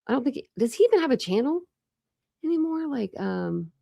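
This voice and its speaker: A woman's voice: sits high, very animated, a little fast, vocal fry, dark tone, no echo, clean studio sound. A woman hosting a true crime livestream, chatting casually and rambling with lots of restarts. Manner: rambling, self-interrupting.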